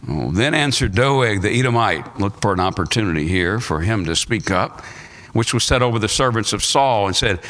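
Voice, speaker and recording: A man's voice: fairly low pitch, lively intonation, moderate pace, fairly bright tone. An American man, a pastor, reading scripture aloud and preaching a Sunday school sermon, his voice swinging up for emphasis. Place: church sanctuary. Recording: live church recording with long reverb.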